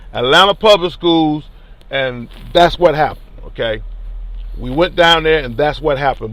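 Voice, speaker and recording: A man, a teachers union leader telling a story in an animated, colloquial and emphatic way. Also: a little high, no room sound. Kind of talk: casual spoken storytelling.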